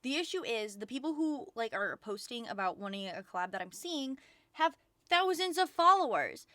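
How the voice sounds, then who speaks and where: Excitable, swearing woman streamer. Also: fairly high pitch, normal speed, no echo. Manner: excitable, rambling, frequent swearing. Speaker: VTuber streamer. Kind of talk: casual livestream chat.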